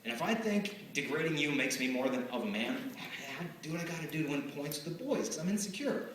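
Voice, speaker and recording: A man with a somewhat high voice gives a lively talk to a school crowd, jumping between stories and acted-out dialogue. He is heard from well away from the microphone, and his voice rings through a large, very echoey hall. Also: quick pace, slight background noise. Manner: lively storytelling, acting out quoted exchanges. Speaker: chastity speaker at schools. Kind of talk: live motivational talk to students. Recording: echoey hall, far from the mic.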